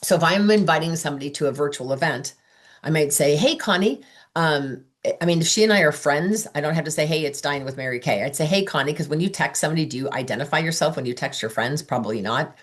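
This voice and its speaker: A woman with a low, full voice runs a training session for her sales team. She talks with lively enthusiasm and slips into quick voices for the messages and replies she quotes. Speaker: sales director giving training. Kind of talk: training talk.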